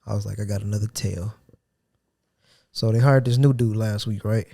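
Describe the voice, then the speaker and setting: A man's voice: lowish voice, fairly even intonation, fairly quick, gravelly, dark tone. A young man hosting a podcast, telling a work story in loose slang and acting out his coworkers' lines. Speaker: podcast host. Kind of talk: casual storytelling chat.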